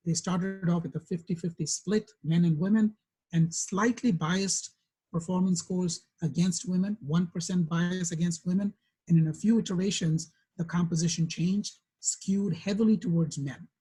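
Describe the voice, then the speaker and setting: A man's voice: high-pitched, fairly even intonation, moderate pace, dark tone, slightly rough, low-quality recording. A man with a New York accent giving a corporate diversity training, conversational and often checking in with the room.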